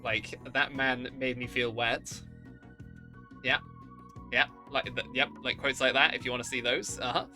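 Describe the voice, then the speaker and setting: Streamer, bright and punchy, goofy and bubbly. Faint music underneath. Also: mid-range voice, fairly even intonation, normal speed. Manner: bubbly, goofy exclamations, greeting chat. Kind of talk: live stream chat.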